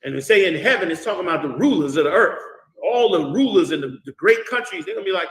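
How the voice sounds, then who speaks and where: High-voiced man teaching in an echoey room. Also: animated, fast talker, fairly bright tone. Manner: conversational and emphatic, calls on students to read and answer. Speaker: Bible study teacher. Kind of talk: casual scripture teaching. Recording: roomy echo.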